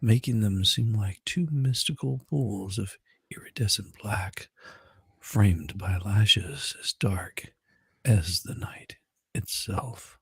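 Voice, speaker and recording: A man reading a story aloud in a slow whispered role-play voice. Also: on the low side, creaky, fairly bright tone, husky, no echo. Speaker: podcast co-host reading a story.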